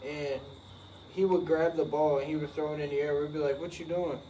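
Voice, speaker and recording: A man's voice: on the high side, fairly quick, distant mic, slight background noise, poor audio. A man co-hosting a casual video, chatting in slang and telling a story. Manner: relaxed, slangy, wraps up the video. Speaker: channel co-host. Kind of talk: casual chat.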